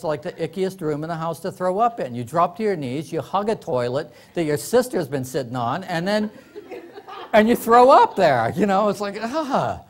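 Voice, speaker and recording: A middle-aged man, an author, telling comic stories to a live audience, laughing often and acting out quoted voices. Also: sits high. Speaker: author giving a workshop talk. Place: library meeting room.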